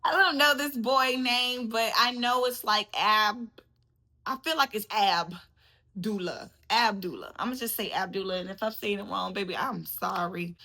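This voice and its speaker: A woman's voice: medium pitch, a little slow, pushed and bright. A woman hosting a casual boxing commentary vlog, chatty and laughing, calling her viewers baby. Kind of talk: casual chat to camera.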